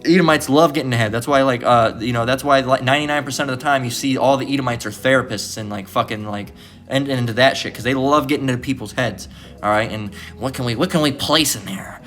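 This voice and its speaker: A man's voice: mid-range voice, fast, a bit bright, soft background music. Emphatic, profane man preaching a lesson. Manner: loose and profane, tags lines with "all right?"; emphatic, often repeats himself. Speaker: preacher teaching a Bible lesson. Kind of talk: informal sermon-style Bible lesson.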